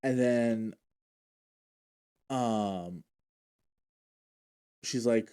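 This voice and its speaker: A man's voice: medium pitch, lively intonation, slow, long pauses, dark tone. A man recapping TV episodes in a casual, emotional way, often restarting his sentences as he retells scenes. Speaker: show recap vlogger. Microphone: handheld or desk mic he adjusts.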